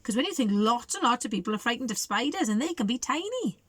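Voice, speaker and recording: A woman's voice: fairly high pitch, sing-song, fast talker, a bit bright, dry recording. A woman reading a picture book aloud to children, asking them coaxing questions. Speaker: storybook reader for children.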